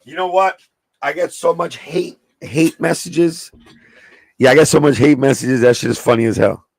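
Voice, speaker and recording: Man, New York accent, livestream host, streetwise and profane, gravelly, fairly high voice. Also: moderate pace, no room sound. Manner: profane, streetwise, chatting with live viewers. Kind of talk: casual livestream chat.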